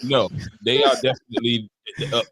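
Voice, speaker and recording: A man on a sports podcast panel, chatting casually and teasing the others with quick remarks. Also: mid-range voice, flat delivery, a bit bright, slightly rough, dry recording.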